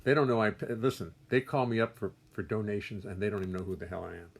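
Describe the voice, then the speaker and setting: With a lowish, creaky voice, he talks fast but keeps a steady tone. The older man is hosting a relaxed livestream in his music studio, chatting, reading viewers' names, and greeting them warmly with wry jokes that poke fun at himself.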